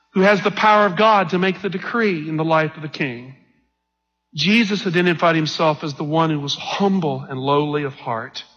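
High-voiced husky preacher in a reverberant hall. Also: male voice, a bit bright. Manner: slow emphatic scripture reading. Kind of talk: sermon. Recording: dull lo-fi recording in a reverberant hall.

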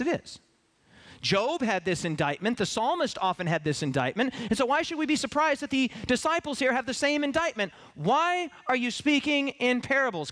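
A man preaching a sermon, animated and full of rhetorical questions, acting out the voices of the people he talks about. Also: very high-pitched. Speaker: pastor.

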